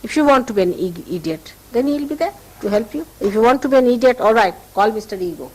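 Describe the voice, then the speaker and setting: A woman's voice: on the high side, expressive, quick pace, darkish tone, slightly rough, rough recording. An older woman with an Indian accent giving a spiritual talk to followers, emphatic and repeating key phrases for stress. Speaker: spiritual teacher.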